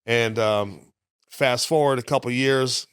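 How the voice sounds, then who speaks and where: A man's voice: medium pitch, a little slow, a bit bright, clear, resonant tone, dry recording, clean studio sound. A man in his fifties, a comedian telling rambling stories as a podcast guest, chuckling between them. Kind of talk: casual interview storytelling.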